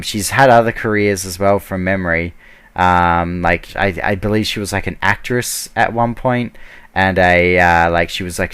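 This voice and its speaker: Man ranting in a smooth, low voice. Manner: heated, full of fillers and restarts. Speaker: video blogger. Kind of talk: casual ranting review.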